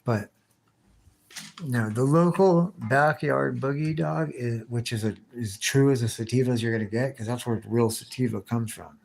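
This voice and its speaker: A man's voice: mid-range voice, a little fast, gravelly, few pauses, darkish tone. Rambling, profane male live streamer. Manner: rambling, slang-heavy and profane, with many restarts. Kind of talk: casual live-stream chat reading viewer comments.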